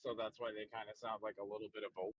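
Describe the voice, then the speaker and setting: Husky mid-pitched man, halting repetitive explaining, dry dull mic. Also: little pitch movement, dry recording. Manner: hesitant, repeats himself while explaining. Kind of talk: casual livestream chat.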